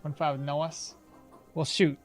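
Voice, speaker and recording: A man's voice: on the high side, flat delivery, slow pace, soft background music. A man streaming a game, chatting with his viewers, thinking aloud and laughing often. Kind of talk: casual live-stream commentary.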